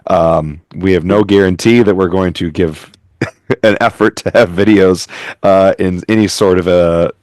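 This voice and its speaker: A man's voice: sits low, steady tone, measured pace, a little mellow, no echo, studio quality. A man hosting a casual podcast chat over a remote call, rambling and making self-mocking jokes. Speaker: podcast host.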